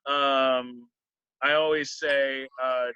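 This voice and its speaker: A man's voice: medium pitch, flat delivery, very slow, pushed and bright, clean tone, no echo, dull audio. A man, a comedian, chatting casually in an interview, rambling with many fillers and restarts.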